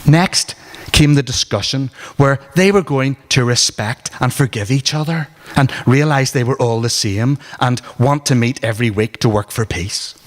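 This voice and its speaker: A man's voice: mid-range voice, normal speed. Northern Irish man reading in an echoey hall. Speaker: author reading his book. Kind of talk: live reading from a memoir. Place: arts centre hall at a book launch. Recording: reverberant hall.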